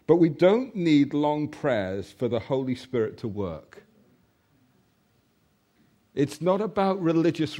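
A man preaching a sermon, telling a personal story and then reading scripture, slowing down to stress key points. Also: medium pitch. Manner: animated storytelling, slows for emphasis.

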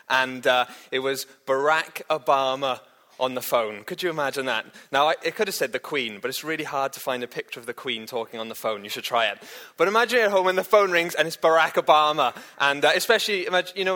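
A man's voice: mid-range voice, sharp tone. A man giving a casual, humorous church talk, full of fillers and restarts as he chats with the congregation. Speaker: preacher.

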